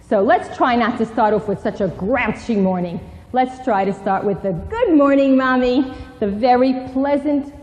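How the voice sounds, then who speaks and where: A woman giving a parenting lecture to teens, lively and instructive, slipping into role-play. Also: a little high, highs cut off. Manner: animated, warm, instructive. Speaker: parenting speaker. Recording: long reverb in a hall.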